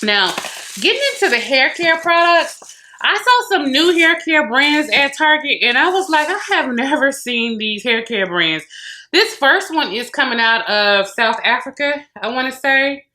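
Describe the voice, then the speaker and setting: Speaking in a high, expressive voice that's a little slow and sharp, this American woman reviews beauty and hair products from a room at home with a closet in the background. As a beauty vlogger, she's chatty and addresses her viewers directly.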